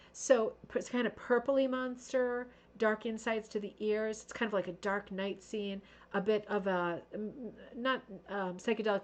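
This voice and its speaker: A woman hosting a craft livestream, chatting casually and gushing over viewers' work. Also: medium pitch. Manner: chatty and gushing, with many fillers and asides. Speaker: host of a craft show livestream.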